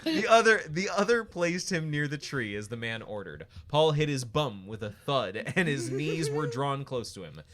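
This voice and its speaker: A man reads fanfiction aloud for a comedy podcast, his pitch swinging widely as he goes. He keeps breaking into laughter between sentences. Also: lively intonation, moderate pace, few pauses, a bit bright. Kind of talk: comedic reading aloud with banter.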